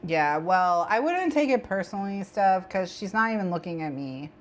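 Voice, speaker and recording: A woman's voice: on the low side, expressive, moderate pace. A woman hosting a co-working stream, chatting with viewers and her cat, giggling and repeating herself. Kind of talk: casual stream chat.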